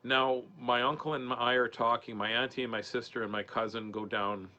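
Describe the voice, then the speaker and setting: A man in his forties, a comedian guest on a podcast, telling a personal story in an earnest, halting way with many restarts. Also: medium pitch, steady tone, sharp tone. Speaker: podcast guest, comedian and mental health speaker. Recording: dull lo-fi sound with faint noise.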